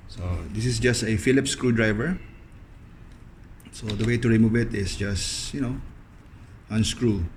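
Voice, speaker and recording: A young man talking through a hands-on cleaning demonstration in a loose, casual way, leaning on a steady stream of "okay" between steps. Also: mid-range voice, a little hiss or hum. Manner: loose, fills pauses with frequent "okay". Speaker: video host demonstrating appliance upkeep.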